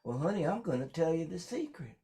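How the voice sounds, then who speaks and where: A man's voice: fairly high pitch, very animated, fairly quick, mellow, pitched above the performer's own voice. A man voicing a ninety-five-year-old country grandmother giving sweet, drawling advice. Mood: sly sweet.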